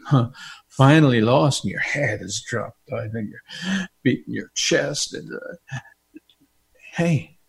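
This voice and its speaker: Man, sermon, raspy voice, unhurried, fervent repetitions. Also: on the high side. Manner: animated, builds to fervent repetition, laughs often. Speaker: preacher.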